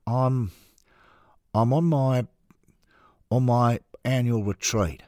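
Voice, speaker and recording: A man's voice: medium pitch, slow pace, darkish tone, dry recording, clean studio sound, voice pushed up, close to an everyday voice. A man voicing a subdued, hesitant Australian former footballer in an audio story, with an Australian accent. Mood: downcast.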